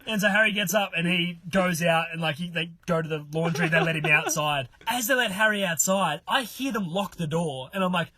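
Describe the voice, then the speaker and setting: An Australian man, the mystery guest, tells a long story among friends, swearing, laughing, and acting out other people's lines. His high voice is brisk with few pauses, and a crowd can be heard in the background.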